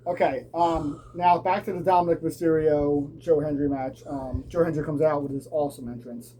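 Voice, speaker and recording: A man's voice: on the high side, fairly even intonation, normal speed, dark tone, rough recording. Man casually recapping a wrestling show. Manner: casual, lots of ums and restarts, acts out quotes.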